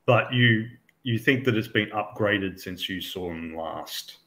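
A man with a low voice runs a tabletop game as game master. He talks haltingly, stops and restarts his sentences, and fills the gaps with ums and uhs. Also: fairly bright tone. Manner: halting, full of fillers and restarts, chuckling. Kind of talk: running a tabletop game over voice chat.

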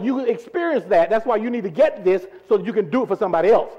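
A male pastor leads his congregation through scripture in a call-and-response sermon, firing the same questions again and again. His voice sits high and leaps all over its range, and the long echo hangs behind every line. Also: lively intonation, fast, few pauses. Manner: drills the congregation with repeated questions; swings from loud calls to low asides. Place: large church sanctuary. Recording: echoey church hall.

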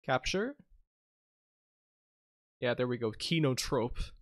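A man's voice: mid-range voice, lively intonation, slow pace, no room sound, clean studio sound. A man streaming a game live, chatting casually with viewers, teasing them and reading menus aloud.

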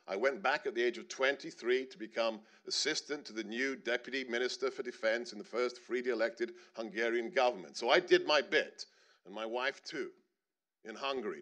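A man's voice: medium pitch, a bit bright. A middle-aged man telling a personal story on stage at a panel, earnest and building to emphatic points. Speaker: panelist speaker.

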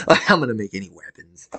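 A man narrating his gameplay in a casual let's-play, with a lively, bouncing pitch. He talks to himself with jokey wordplay and bursts into shouting at his game character. He sounds excitable and self-amused. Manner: excitable, yelling at the game character between mumbled asides. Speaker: gameplay commentator.

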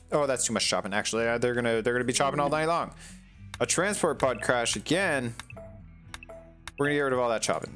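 A man's voice: medium pitch, fairly bright tone. A man casually commenting as he plays a video game, chatting to the characters on screen. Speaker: gaming channel host. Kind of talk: casual let's-play commentary.

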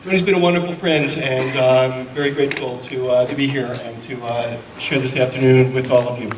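A man's voice: medium pitch, steady tone, a little fast, reverberant, recorded from a distance, background noise. A man giving a poetry reading at a college event, hesitant with fillers and dryly funny between poems. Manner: hesitant, with dry humor and many fillers. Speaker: poet.

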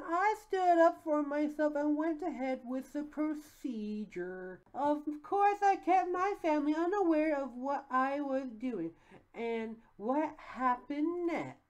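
A woman's voice: high voice, a little mellow, low-quality recording. A woman voicing a distraught, defiant female rabbit cop from a comic, reading the lines melodramatically.

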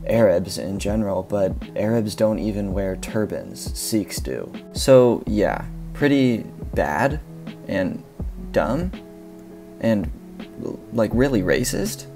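Brief: male video essayist, low gravelly voice, dry sardonic commentary over background music. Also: very animated, slow, warm tone. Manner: sardonic and critical. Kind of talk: scripted commentary narration.

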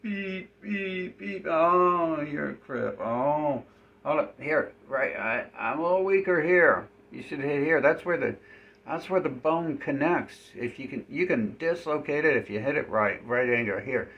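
A shrill, taunting stranger , as a man puts him on, mocked as a beeping robot from a game. The voice stretches its words out in a mocking, high tone. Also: lively intonation, a little slow, vocal fry, a bit bright, muffled recording, heavily acted.

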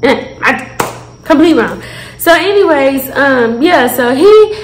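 Woman, 20s, high-voiced, animated storyteller addressing viewers; roomy echo. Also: slow, a little hiss or hum. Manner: animated, profane, talks straight to viewers. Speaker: vlogger. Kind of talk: casual storytime.

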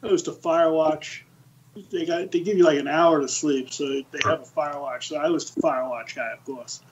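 Man in his sixties telling lively stories. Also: a little high, moderate pace, lo-fi sound, a little hiss or hum. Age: 60s. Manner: lively anecdotes, acts out the quoted voices. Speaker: podcast guest. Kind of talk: casual storytelling.

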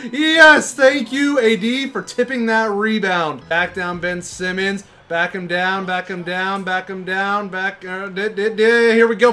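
Young male gaming host with a high, bright voice; excitable play-by-play of his own match. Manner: excitable, shouts at big plays, groans at misses. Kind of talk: live gameplay commentary.

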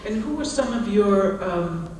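A woman's voice: medium pitch, animated, unhurried, a little mellow, a little hiss or hum. A woman interviewing a guest on stage, asking short questions and giving brief encouraging replies. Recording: roomy, distant mic in a hall.

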